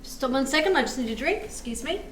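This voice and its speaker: Chatty high-voiced woman reading tarot live. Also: animated, fast, a bit bright, a little hiss or hum. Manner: chatty, reads chat aloud, thanks viewers. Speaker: tarot reader streamer. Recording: echoey room with faint music.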